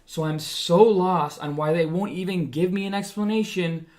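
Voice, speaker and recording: A man's voice: sits high, normal speed, darkish tone. A man who trades stocks, ranting in a heated monologue, frustrated and fired up, often repeating himself and trailing off. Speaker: day trader and stock-trading streamer.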